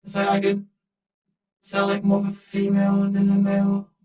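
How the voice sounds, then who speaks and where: A man's voice: high-pitched, moderate pace, echoey room, faint music behind, voice pushed up, rough recording. A man speaking through a voice changer that turns him into a robotic, female-sounding AI voice. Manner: monotone robotic delivery.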